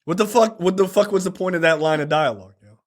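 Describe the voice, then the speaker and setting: Man, podcast co-host, somewhat high voice, emphatic, profane, casual film critique. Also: fast. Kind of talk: casual film review chat.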